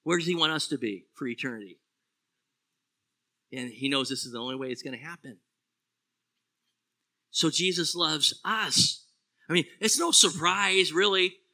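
Animated preaching man, bright high voice. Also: moderate pace, long pauses. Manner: animated, swings from loud exclamations to hushed low phrases. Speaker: pastor. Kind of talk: sermon.

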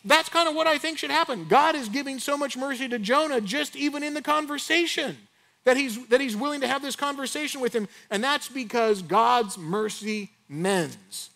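A man preaching a sermon with animated delivery, firing off rhetorical questions and acting out snatches of dialogue. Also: very high voice, normal speed, vocal fry. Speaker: pastor.

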